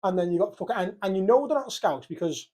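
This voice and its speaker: A young man from Liverpool with a Scouse accent, co-hosting a podcast in casual, sweary, animated chat. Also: high voice, fast. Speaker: podcast co-host.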